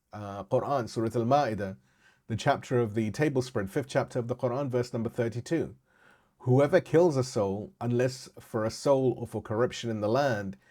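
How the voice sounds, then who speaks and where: A man giving a scripted religious lecture in a measured, rhetorical way, stressing key phrases and posing questions. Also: medium pitch, darkish tone.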